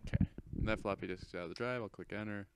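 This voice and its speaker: A man's voice: fairly low pitch, very fast, creaky, smooth. A teenage man hosting, rambling casually and correcting himself as he comments on an install. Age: teens. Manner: chatty, rambling, self-correcting. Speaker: host. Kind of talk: casual commentary over a screen recording.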